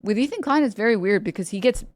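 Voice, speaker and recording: Woman streamer, casual chat, rambling and profane, dry close sound, mid pitch. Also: animated, quick pace, no echo. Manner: rambling, profane, laughs often, mocking. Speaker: livestreamer.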